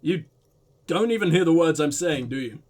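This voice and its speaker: A man's voice: a little high, lively intonation, moderate pace, a little mellow, voice pushed down, natural voice. A man voicing a blunt, impatient police detective who questions in a probing, exasperated way. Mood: pressing, impatient.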